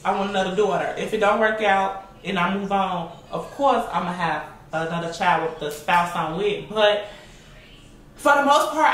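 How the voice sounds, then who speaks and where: A bright, chatty young woman talks through a casual question-and-answer vlog, laughing often and calling her viewers y'all. She sounds a little distant from the mic in a very echoey room, with faint noise underneath. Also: medium pitch.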